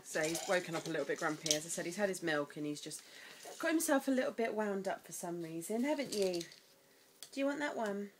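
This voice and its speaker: A woman chatting casually in a home vlog, sometimes breaking into high baby talk. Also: fast, noisy background. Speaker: vlogger.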